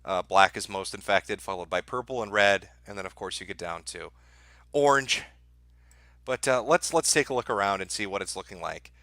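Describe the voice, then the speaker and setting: A man's voice: mid-range voice, dry recording, clean studio sound. A man hosting a livestream, giving profane, darkly joking commentary to his chat. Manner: sardonic, profane, dark-humored. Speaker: livestream host.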